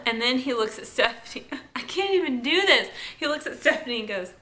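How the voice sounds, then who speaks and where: A TV reviewer recaps an episode in a high, expressive, pushed and bright voice, talking briskly with hardly any pauses. Her chat is casual, packed with "like," laughter and asides.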